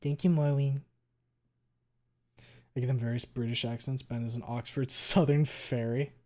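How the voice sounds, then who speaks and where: A male streamer chatting casually with viewers, talking quickly and running words together, with a lot of swearing. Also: medium pitch, fairly even intonation, mellow. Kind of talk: casual chat reading viewer messages.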